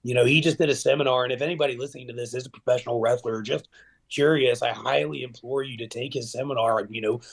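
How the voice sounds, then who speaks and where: A man with a gravelly, fry-touched voice, talking casually as a podcast guest. He rambles through stories with plenty of "like" and "you know," and gets lively when he acts out old memories. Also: mid-range voice, quick pace. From Middle Tennessee. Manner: rambling, filler-heavy, animated when retelling stories. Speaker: guest, professional wrestler.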